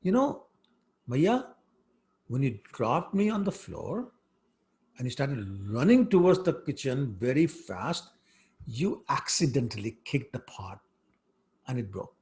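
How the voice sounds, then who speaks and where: A man voicing a mischievous little boy who pleads innocence in a high, whiny voice. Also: big pitch swings, unhurried, long pauses, darkish tone. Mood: pleading innocence.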